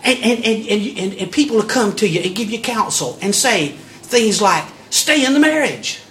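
A man preaching a sermon in a lively, storytelling way, often repeating words as he builds up. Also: sits high, moderate pace, a little hiss or hum. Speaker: pastor.

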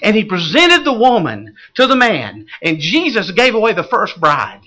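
High, lively, bright-voiced man preaching. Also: moderate pace, low-quality recording. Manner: asks the congregation questions and builds to fervent exclamations. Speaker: pastor. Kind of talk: sermon.

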